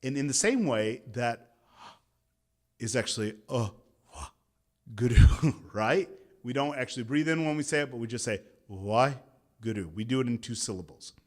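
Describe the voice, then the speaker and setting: A man's voice: medium pitch, animated, normal speed. Man leading a meditation chant. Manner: leads group chanting, call and response. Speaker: meditation teacher. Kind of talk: guided meditation talk. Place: interfaith gathering hall.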